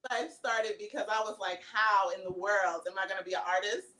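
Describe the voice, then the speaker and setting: A woman's voice: medium pitch, fairly even intonation, a little fast, sharp tone, poor audio. A woman guest in a casual interview, speaking earnestly and reflectively and laughing easily. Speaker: guest, artist and comedian.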